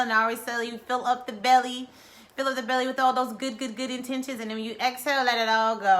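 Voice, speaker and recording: A middle-aged woman hosting a wellness video, leading guided breathing and chatting in a lively, playful way. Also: on the high side. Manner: lively, playful, drawls and chuckles. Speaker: wellness vlogger. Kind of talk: guided breathing and casual chat.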